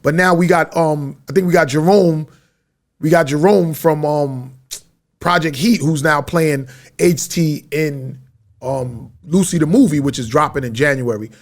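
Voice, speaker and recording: A man's voice: on the high side, unhurried. A man hosting his podcast in a media studio, telling a rambling story in slang-heavy street talk. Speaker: podcast host. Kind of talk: casual storytelling monologue.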